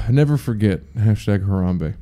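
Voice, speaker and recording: A young man hosts his podcast solo, rambling loosely from one riff to the next with plenty of swearing and jokes. His voice sits low and gravelly, with a dark, mellow tone. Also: slow. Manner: rambling, profane, jokey. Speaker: podcast host. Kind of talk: casual solo podcast chat.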